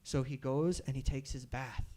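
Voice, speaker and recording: A man telling a devotional story to a live audience at a temple gathering, animated and asking the audience questions. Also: medium pitch, normal speed.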